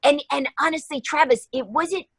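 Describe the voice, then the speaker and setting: A woman's voice: high-pitched, normal speed, no echo. A middle-aged woman guest telling a story in a podcast interview, acting out both sides of the dialogue. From New York.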